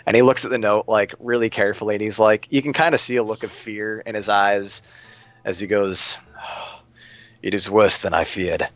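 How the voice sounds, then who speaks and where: A man's voice: fairly low pitch, fairly even intonation, fairly quick, a bit bright, no room sound. A man running a live tabletop game as game master, narrating casually with fillers and asides.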